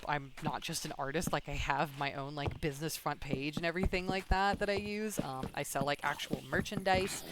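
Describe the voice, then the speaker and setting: A streamer telling a long story while playing a game, in a casual, animated way with many fillers. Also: mid-range voice. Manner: animated, rambling, lots of fillers like "um" and "like". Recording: steady background noise.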